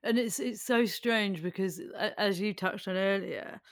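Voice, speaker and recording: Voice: medium pitch, a little slow, no echo, clean studio sound. A podcast host asking thoughtful, reflective questions in a conversational way. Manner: thoughtful, reflective, hesitant restarts.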